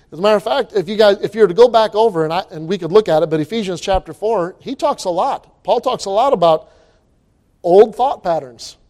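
A man preaching a sermon, animated and reading scripture aloud in old-fashioned wording. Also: high-pitched, fairly quick. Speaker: pastor.

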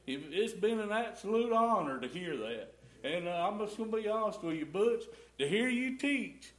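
A middle-aged man giving a rambling, folksy testimony in a church. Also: sits high. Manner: rambling folksy storytelling, y'all and ain't. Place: church sanctuary.

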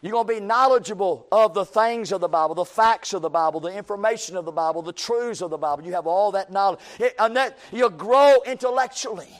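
A man's voice: sits high, brisk, few pauses. A man preaching a sermon in a folksy, emphatic way, repeating phrases and quoting imagined critics.

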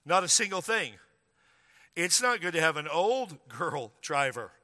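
Male pastor, storytelling sermon, bright and fairly high voice, long hall reverb. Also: very animated, a little slow. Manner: conversational, humorous, building to emphatic preaching. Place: church sanctuary.

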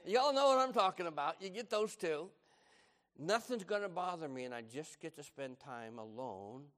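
Brief: middle-aged male pastor, fairly high voice, dynamic sermon delivery, big hall reverb. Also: normal speed. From United States. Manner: dynamic, swinging from loud and animated to hushed and low.

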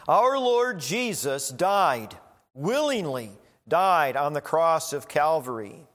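Slow, deliberate preaching man in a reverberant hall. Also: a little high, big pitch swings, fairly bright tone. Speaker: pastor. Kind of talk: sermon. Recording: long reverb of a large hall.

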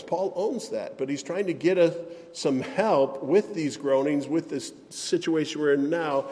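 A man's voice: mid-range voice, warm tone. Earnest male pastor preaching in a reverberant hall. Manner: earnest, emphatic preaching with sighs and self-deprecating asides. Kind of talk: sermon.

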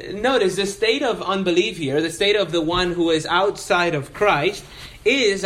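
A man's voice: high-pitched, a bit bright. A male pastor preaching an expository sermon, reading scripture and explaining it with earnest emphasis.

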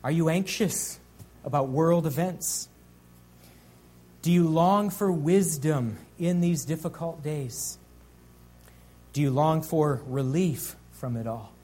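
A high-pitched male pastor delivering a sermon. He preaches earnestly, drawing out key phrases and rising in force on the big lines. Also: takes it slowly, pauses often, dark tone.

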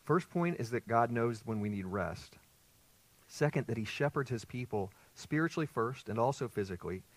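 A man's voice: mid-range voice, lively intonation, moderate pace. A male pastor preaching an expository sermon, emphatic and putting rhetorical questions to his congregation.

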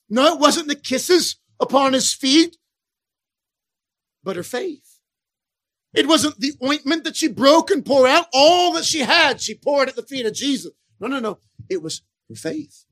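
A man preaching a sermon, swinging between hushed, tender passages and loud shouted appeals. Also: very high-pitched, creaky, dry recording.

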